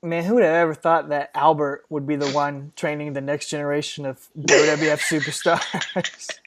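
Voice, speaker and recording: A man's voice: a little high, little pitch movement, normal speed. Man reading a dry recap. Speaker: podcast co-host. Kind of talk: casual chat.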